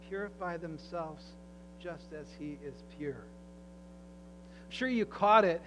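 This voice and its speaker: High-voiced man preaching in a reverberant hall. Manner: dramatic storytelling with voiced quotes, swinging loud and soft. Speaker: pastor. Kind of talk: sermon. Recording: faint mains hum, long hall reverb.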